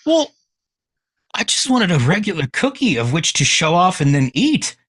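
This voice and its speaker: A male podcast host in loose, casual chat, teasing and pressing with quick questions. His voice sits a little high. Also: sing-song, a bit bright, husky. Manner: teasing, rapid-fire questions.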